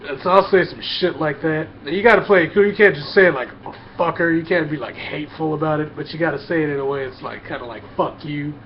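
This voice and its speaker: A man's voice: fairly high pitch, fast talker, few pauses, slight background noise. A man delivering a crude, blunt comedic rant in casual talk, often repeating himself and stumbling over words. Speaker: vlogger. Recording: dull lo-fi.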